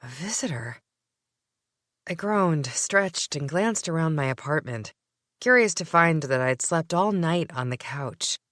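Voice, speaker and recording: Low, lively woman narrating an audiobook. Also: a little slow, dry recording, studio quality. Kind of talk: first-person audiobook narration.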